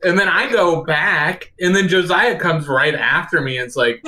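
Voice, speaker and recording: Bright-voiced man, casual podcast co-host, laughing defensive manner. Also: on the high side, moderate pace, slight background noise. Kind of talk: casual chat.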